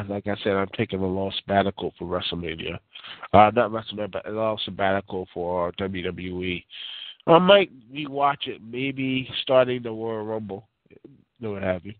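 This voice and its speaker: On the low side and recorded dry, a man's voice comes across tinny over the phone as he hosts a laid-back call-in program. His takes are rambling and opinionated, thick with fillers and restarts.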